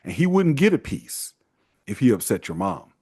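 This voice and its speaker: A man talks in a casual advice monologue, his pitch swooping up and down. His voice sits at an ordinary middle height. He slips into mocking voices for the people he quotes. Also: normal speed, slightly rough. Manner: animated, acts out quoted parents in mocking voices. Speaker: host giving men's advice.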